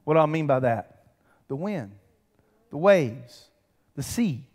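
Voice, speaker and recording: A man, preaching a lively, conversational sermon with humor and calls to the congregation. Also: fairly high pitch, takes it slowly. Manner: animated, conversational preaching with humor and audience call-outs. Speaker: pastor. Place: church sanctuary. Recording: church hall reverb.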